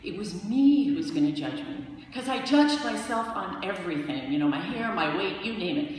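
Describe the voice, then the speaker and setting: A woman telling a true story on stage to a live audience, wry and self-mocking, pausing for laughs. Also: mid-range voice, lively intonation, a little hiss or hum. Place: large hall with a live audience. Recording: distant echoey hall recording.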